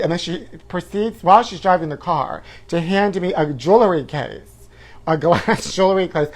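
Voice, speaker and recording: A man's voice: sits high, moderate pace. Campy guy hosting a live gossip show, says honey a lot, goes woo. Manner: campy, flamboyant, calls viewers honey, shrieks woo. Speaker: host. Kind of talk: live-stream chat show.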